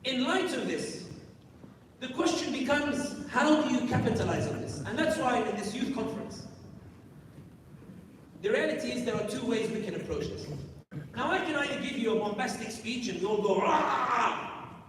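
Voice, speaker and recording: A man's voice: very high voice, animated, normal speed, far from the mic, slight background noise. Emphatic man speaking in an echoey hall. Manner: emphatic, rhetorical questions, crowd-directing. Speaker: speaker at a youth conference. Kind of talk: live public talk. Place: large conference hall.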